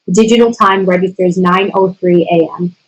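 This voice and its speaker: A woman's voice: on the low side, highs cut off. Woman reading stage directions. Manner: steady, measured reading of scene directions. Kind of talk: screenplay table reading.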